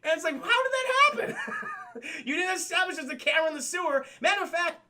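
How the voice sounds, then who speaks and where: A man streaming a casual recap of an old cartoon, animated and profane, laughing often and addressing his chat. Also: very high voice, a little fast.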